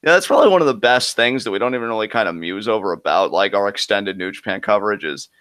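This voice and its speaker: Low-voiced man calling wrestling casually. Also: animated, quick pace, fairly bright tone, no room sound. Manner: conversational, joking play-by-play. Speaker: co-host, wrestling commentator. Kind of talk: casual live reaction commentary.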